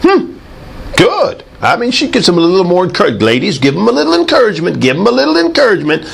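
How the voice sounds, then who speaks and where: A middle-aged man preaching a sermon with animated storytelling, acting out sounds with his voice. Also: rapid-fire, gravelly, breathy edge. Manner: animated, swooping pitch, does sound effects.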